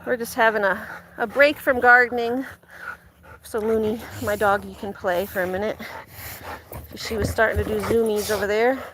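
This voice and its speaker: A young woman chatting casually with her live chat from her garden, slipping into high sing-song baby talk with her dog. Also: fairly even intonation, moderate pace, fairly bright tone, a little hiss or hum. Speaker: vlog host talking to live chat. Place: outdoors in a home garden.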